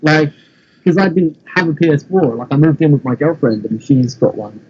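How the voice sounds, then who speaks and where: A man's voice: fairly high pitch, normal speed, darkish tone, muffled recording, a little hiss or hum. A man from England with a London accent, laid-back and casually swearing in a chat. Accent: London English.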